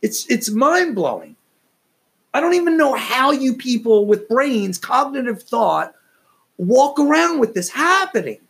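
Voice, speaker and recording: A man's voice: very high voice, very animated, a little slow, creaky, fairly bright tone, slightly rough. A man hosting a solo podcast, ranting in a profane, exasperated, rambling way. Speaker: podcast host.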